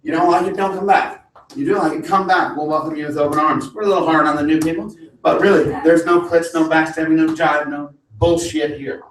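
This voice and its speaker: A man's voice: on the high side, steady tone, brisk. Blunt male open mic host. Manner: blunt, stern, laying down house rules. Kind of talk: stage announcements to a live audience. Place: cafe venue. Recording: echoey room, mic far off, faint noise.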